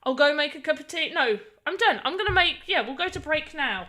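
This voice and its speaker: Bright-voiced tired British woman streamer. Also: high-pitched, lively intonation, fairly quick. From Britain. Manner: rambling, self-deprecating, often restarts words. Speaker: livestreamer. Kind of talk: casual live-stream chat.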